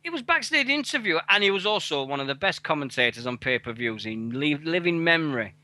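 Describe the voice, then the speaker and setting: A man co-hosting an internet wrestling radio show, talking excitably and swearing freely. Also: fairly high pitch, brisk, no room sound. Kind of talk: casual internet radio chat.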